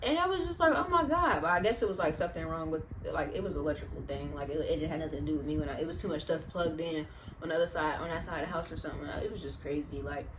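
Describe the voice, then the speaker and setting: A young adult woman, a vlogger, telling casual, animated, slang-filled stories in storytime style. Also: deep voice, very fast, noisy background. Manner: chatty, slangy, animated retelling.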